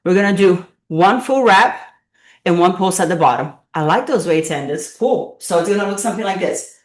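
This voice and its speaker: Her voice sits on the low side, with lively intonation and normal speed, picked up from afar in an echoey room. She's a fitness instructor hosting a live online workout class, playfully encouraging and cheering her students while getting out of breath.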